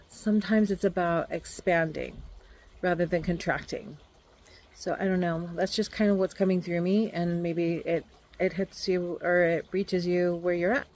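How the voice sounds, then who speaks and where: A woman's voice: mid-range voice, a little mellow, rough recording. A woman doing a casual tarot card reading, musing aloud and hesitating with many fillers. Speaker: tarot reader.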